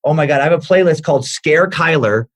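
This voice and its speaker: A man's voice: a little high, fast talker. A middle-aged man, a guest comedian, telling stories in a casual podcast chat and acting out the voices in them. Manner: animated, acts out the voices in his stories.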